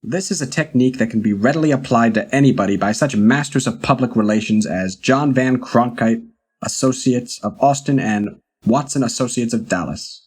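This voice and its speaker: A man reading an old magazine article aloud in a measured, deliberate way, with the occasional dry aside of his own. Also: medium pitch, darkish tone, breathy edge. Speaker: reader of a historical article.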